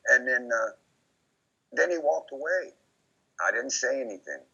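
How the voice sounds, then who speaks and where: Gravelly, raspy man, lowish voice, bright edge, rambling interview guest on a dull lo-fi track. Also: unhurried. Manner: rambling, repeats himself, quotes others in lively voices. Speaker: interview guest recounting memories. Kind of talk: casual recorded conversation. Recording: dull lo-fi recording.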